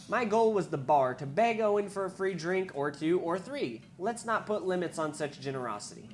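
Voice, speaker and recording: A woman reading a visual novel aloud, wry, with asides and quick self-corrections. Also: lowish voice, slight background noise. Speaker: game reader.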